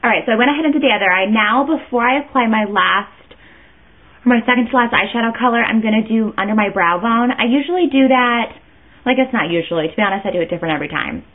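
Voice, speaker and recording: A woman's voice: a little high, quick pace. A woman chatting her way through a makeup tutorial, rambling and interrupting herself as she goes. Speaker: beauty vlogger. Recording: tinny phone-like sound.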